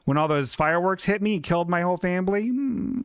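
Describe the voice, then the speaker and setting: A man's voice: high voice, animated, fast talker. A man hosting a live-streamed podcast in casual chat, rambling, self-deprecating and swearing a lot. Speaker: podcast host.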